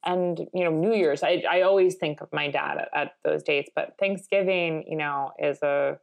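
Gravelly low-voiced woman host. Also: moderate pace. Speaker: podcast host. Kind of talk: casual interview.

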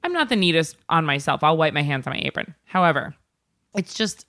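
A woman co-host with a somewhat low voice chats in a relaxed, playful way and laughs easily. She tells kitchen stories with dry wit. The sound is close and dry, with no room around it. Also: fairly quick, dry recording. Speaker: podcast co-host and chef. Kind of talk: casual chat.

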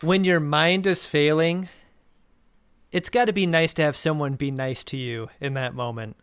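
A man's voice: a little high, steady tone, normal speed, clean tone, no room sound. Thin, reedy-voiced man on a podcast. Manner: playful, riffing and recapping. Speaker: podcast co-host. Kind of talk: casual podcast chat.

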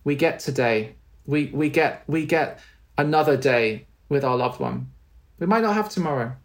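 A man's voice: fairly high pitch, lively intonation, normal speed. A middle-aged man, a spiritual teacher, tells a personal story in an interview, earnest and tender, often restarting and repeating his words.

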